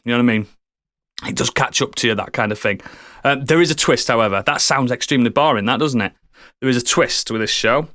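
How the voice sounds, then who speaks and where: A man's voice: mid-range voice, a bit bright, no room sound, clean studio sound. A man hosting a podcast in casual chat, joking, rambling and swearing now and then. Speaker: podcast host.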